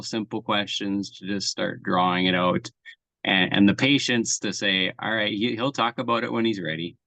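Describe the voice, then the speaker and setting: Man, book club member, low voice, calm reflective delivery, dry close sound. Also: clear, resonant tone, dry recording, muffled recording. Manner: thoughtful, measured, reflective. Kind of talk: casual group chat.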